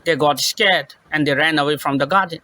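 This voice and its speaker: A male teacher reading a children's story aloud with emphasis, pausing to repeat and explain each line in simple words. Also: on the high side, sharp tone, no echo, low-quality recording.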